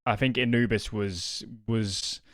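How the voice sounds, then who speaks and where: A man giving esports color commentary in a relaxed, analytical, slightly hesitant way. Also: on the low side, takes it slowly, dry recording, clean studio sound.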